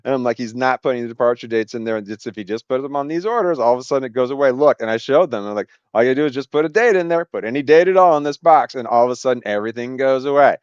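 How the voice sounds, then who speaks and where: Guy telling a story, lots of swearing and laughing, smooth clear voice, kinda muffled dry recording. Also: mid-range voice, racing, hardly any pauses, dry recording. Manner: animated, swearing, laughing often, acting out quoted voices. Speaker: storyteller recounting a workplace story. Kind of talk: casual storytelling monologue.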